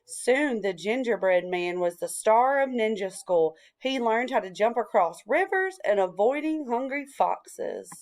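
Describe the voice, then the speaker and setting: A woman reading a picture book aloud in a slow, deliberate storytelling voice. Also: a little high, lively intonation, a little mellow.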